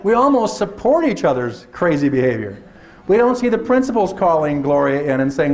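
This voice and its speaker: Guy lecturing teachers at a workshop, pretty high voice, animated, keeps doing little voices. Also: fairly quick. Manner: lively, acts out teachers in put-on voices. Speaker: workshop presenter. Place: lecture hall.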